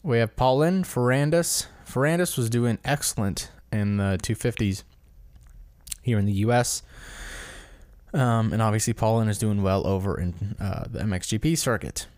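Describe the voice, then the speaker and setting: A man's voice: lowish voice, normal speed, darkish tone, no room sound. A man hosting a casual solo commentary episode, rambling and correcting himself as he stumbles over names. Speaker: podcast host.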